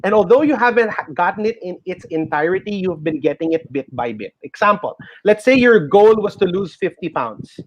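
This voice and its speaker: A middle-aged man with a Filipino accent explaining a tarot reading on the radio in an animated, reassuring way. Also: sits high, a little fast, hardly any pauses. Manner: animated, reassuring, mixes in Tagalog phrases. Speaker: tarot reader guest. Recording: dull lo-fi radio sound.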